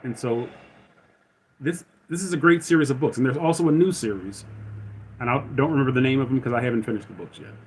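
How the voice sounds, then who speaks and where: A man's voice: medium pitch, quick pace, a little hiss or hum, poor audio. A man hosting a live stream, chatting in a loose, rambling way and often correcting himself. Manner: rambling, self-correcting, conversational. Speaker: livestream host. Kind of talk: casual live-stream chat.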